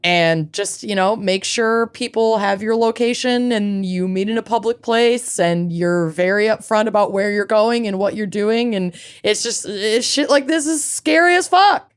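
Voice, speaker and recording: A woman's voice: mid-range voice, steady tone, moderate pace, hardly any pauses, clear, resonant tone. A woman in her thirties co-hosting a casual podcast chat, frank and swearing freely. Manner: frank and profane. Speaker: podcast co-host.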